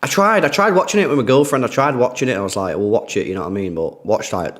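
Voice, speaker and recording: A man's voice: on the low side, fast, few pauses. A young man, streaming a football watchalong, chatting casually and greeting donors by name in slangy speech. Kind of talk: casual live-stream chat reading donations.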